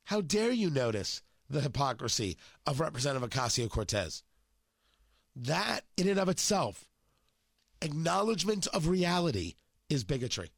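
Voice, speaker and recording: A man's voice: fairly high pitch, big pitch swings, moderate pace, creaky, dry recording, clean studio sound. A male talk show host with a cold and a sore throat, delivering an emphatic, mocking political monologue. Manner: emphatic, mocking, punchy phrasing.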